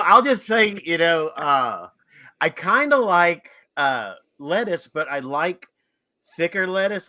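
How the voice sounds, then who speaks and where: A man's voice: on the high side, bright, forceful tone, no echo. A man who is a voice actor guest on a podcast, chatting casually, rambling and laughing often.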